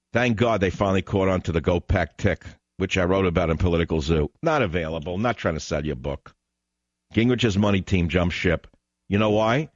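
A male talk radio host who rants in a sarcastic, combative way. His low voice swings widely in pitch as he works himself up. The sound is dry and slightly dull, like a lo-fi broadcast. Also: no room sound.

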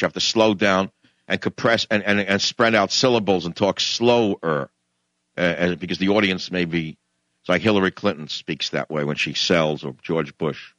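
On a radio talk show, a middle-aged host delivers a sarcastic, combative rant that drops to mutters and then erupts into loud, animated outbursts. His voice is fairly low, and there's no echo.

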